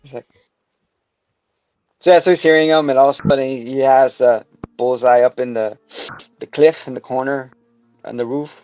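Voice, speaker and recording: A man's voice: mid-range voice, fairly even intonation, normal speed, pauses often, a little mellow, no room sound. A man co-hosting a podcast, recapping a show in casual chat, rambling and swearing as he acts out scenes. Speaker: podcast co-host. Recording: dull lo-fi sound with music behind.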